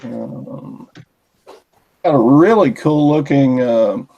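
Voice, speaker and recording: A man chatting on a video call, rambling through a list of items with pauses. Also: mid-range voice, gravelly, mellow, no echo, highs cut off. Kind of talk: casual chat. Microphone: computer mic on a video call.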